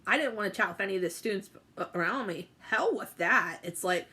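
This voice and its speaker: A woman's voice: mid-range voice, lively intonation, brisk, sharp tone. A young woman telling a personal story to camera, chatty and emotional, with many fillers and restarts. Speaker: vlogger.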